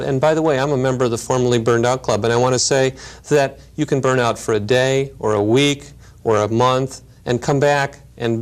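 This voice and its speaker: A man lecturing in a measured, explanatory way, with storytelling asides. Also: mid-range voice. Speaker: lecturer on grief and helping work. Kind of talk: recorded teaching lecture.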